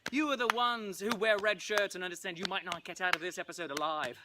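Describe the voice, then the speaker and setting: A man's voice: high-pitched, quick pace. A man performing as a comic Shakespeare, hosting a playful interactive show for viewers at home and breaking into nursery-rhyme singing. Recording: loud background noise.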